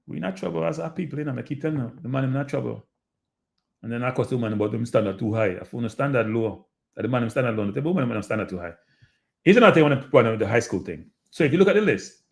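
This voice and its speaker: A man with a Jamaican accent hosting a live show, talking casually and animatedly to his audience and often repeating himself. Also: medium pitch. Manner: animated, repetitive, addresses audience as people. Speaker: show host. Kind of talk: casual live-stream commentary.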